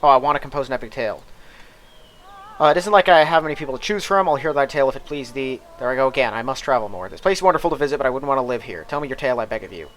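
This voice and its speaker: A man's voice: mid-range voice, animated, rapid-fire, fairly bright tone, a little hiss or hum, natural voice. Talkative female muse poet with old-fashioned phrasing, read by a man in a plain voice. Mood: chatty. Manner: reads aloud in a plain voice, mock-archaic phrasing. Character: chatty female muse, frustrated, archaic-speaking poet.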